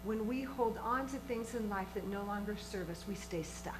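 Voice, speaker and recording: A woman's voice: medium pitch, moderate pace, noisy background. A woman minister giving a sermon to her congregation in an earnest, emphatic way, often asking them questions. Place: church sanctuary with a congregation.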